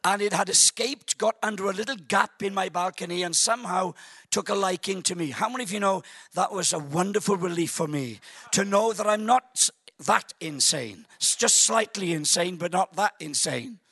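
A man preaching a sermon in a church service, telling a funny story in an animated, joking way with stammering restarts. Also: sits high, normal speed, breathy edge, no echo.

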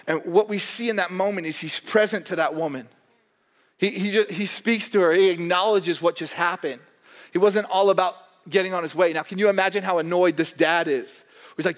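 Animated joking preacher man in a reverberant hall. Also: sits high, a little fast. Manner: animated, joking, acts out voices. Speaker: pastor. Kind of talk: sermon.

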